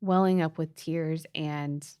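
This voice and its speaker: A woman's voice: sits low, steady tone, takes it slowly, a little mellow, clean tone, no room sound. Earnest storytelling mother, dry close mic. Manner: emotional, earnest storyteller with restarts. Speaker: podcast co-host, mother. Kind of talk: casual storytelling chat.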